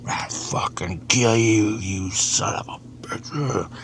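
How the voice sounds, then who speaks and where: A man's voice: on the low side, slow, a bit bright, far from the mic. A man voicing an evil male spirit like a mean biker, cursing and threatening in a hissed, half-whispered voice. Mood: menacing.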